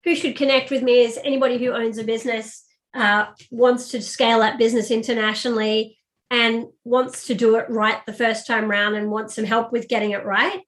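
Woman guest on a business interview, fairly high voice, chatty storytelling with lots of ums. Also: a little fast. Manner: animated anecdotal storytelling with fillers.

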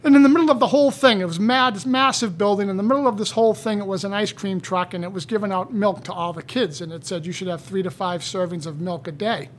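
A man in casual conversation, telling stories in an animated way. He often repeats words and gets louder as he goes. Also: high-pitched, fast talker, few pauses, slight background noise.

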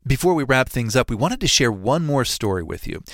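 A man co-hosting a podcast, giving a measured, scripted storytelling read. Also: medium pitch, sing-song, fairly bright tone, no room sound, studio quality. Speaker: podcast co-host.

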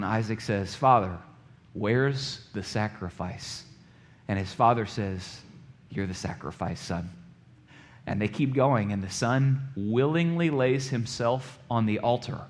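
A man preaching a sermon in a conversational way, often checking in with the congregation and dropping low and quiet for dramatic moments.

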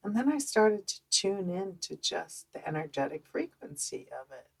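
A woman with a Dutch accent speaks in a low, gravelly register with a husky edge. She tells her story in an animated, chatty way, loose and full of fillers, as a podcast host talking straight to her listeners. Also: normal speed, poor audio. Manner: animated, conversational, many fillers. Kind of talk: personal storytelling monologue.

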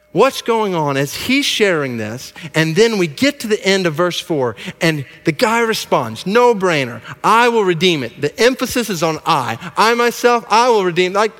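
A man preaching a sermon, telling the story in a lively way and acting out the people in it. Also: high voice. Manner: animated storytelling, acts out characters. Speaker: pastor. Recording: long hall reverb.

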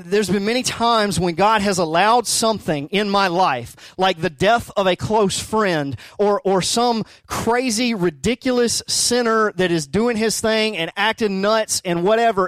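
A man's voice: sits high, measured pace, few pauses, a bit bright, no room sound. A middle-aged man preaching a sermon as a pastor, conversational and emphatic, asking rhetorical questions.

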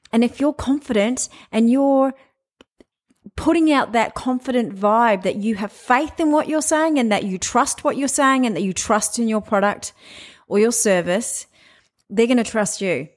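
A middle-aged woman hosting a podcast, giving frank, chatty sales advice and laughing now and then. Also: mid-range voice. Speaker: podcast host and sales trainer. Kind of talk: casual podcast monologue.

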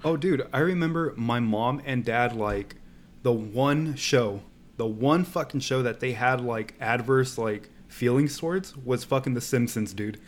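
A young man with a mid-pitched voice tells lively stories in a casual chat. He swears a lot and slips into other people's voices as he quotes them. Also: unhurried. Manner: animated storytelling, swearing, acts out quotes.

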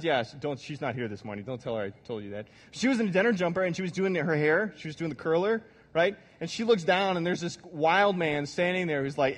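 A man preaching a sermon, telling a childhood story with animated, audience-directed delivery. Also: fairly high pitch. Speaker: pastor. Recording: long hall reverb.

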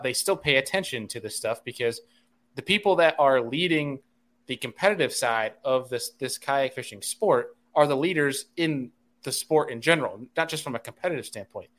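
A man's voice: medium pitch, fairly bright tone. Rambling man in casual podcast chat. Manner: rambling, many fillers and restarts. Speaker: podcast co-host, fishing industry insider.

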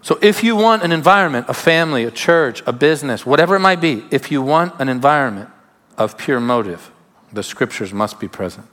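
A man preaching a sermon as pastor, emphatic, with sudden drops to quiet asides. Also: mid-range voice, lively intonation, brisk, hardly any pauses. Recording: long hall reverb.

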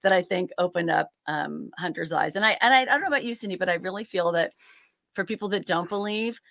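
A woman's voice: fairly low pitch, fast talker, vocal fry, fairly bright tone, no room sound, studio quality. A middle-aged woman, a podcast guest, telling a family story with eager enthusiasm and setting the scene. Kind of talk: casual storytelling.

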